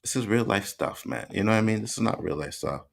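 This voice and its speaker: A man's voice: fairly low pitch, animated, fast talker, vocal fry. A Canadian man with some Jamaican slang, hosting a livestream and emphatically arguing back at his chat, repeating his points. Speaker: host. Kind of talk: livestream commentary reacting to chat.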